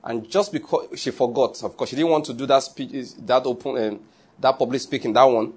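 A man preaching a sermon through an animated story with side remarks. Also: mid-range voice, fairly quick, husky.

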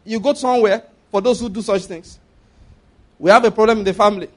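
A man's voice: high-pitched, quick pace. A man preaching a sermon, emphatic, repeating his points and checking that listeners follow.

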